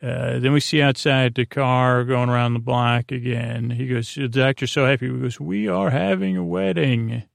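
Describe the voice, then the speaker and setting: A man's voice: medium pitch, little pitch movement, normal speed, creaky, hardly any pauses, no echo, clean studio sound. A man hosting a podcast, giving a meandering, hesitant bedtime recap of a TV episode with lots of filler words. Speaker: podcast host.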